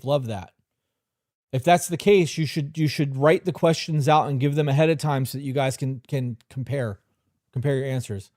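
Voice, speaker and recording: A man's voice: a little high, a little mellow, dry recording, studio quality. A man hosting a live stream, giving blunt, profane relationship advice and answering chat questions directly. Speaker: host.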